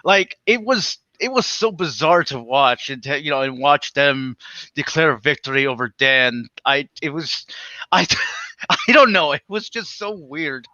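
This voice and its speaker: A man's voice: fairly high pitch, expressive, sharp tone, no echo, muffled recording. A man with a nasal voice, a livestream guest chatting casually over a video call, full of fillers and restarts. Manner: halting, many restarts and fillers. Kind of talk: casual chat.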